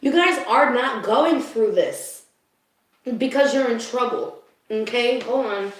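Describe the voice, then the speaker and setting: Woman doing a live spirit reading, kinda high voice, gets emotional, keeps asking "you know?", big echo in the room. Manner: emotional, confiding, laughs often; keeps checking in with the listener. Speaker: spiritual reader. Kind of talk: live card reading to viewers. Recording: very echoey room.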